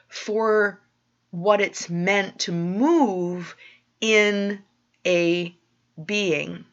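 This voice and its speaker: A woman giving a spiritual teaching talk to listeners, speaking in a slow, soothing, affirming way. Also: mid-range voice. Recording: dull lo-fi recording.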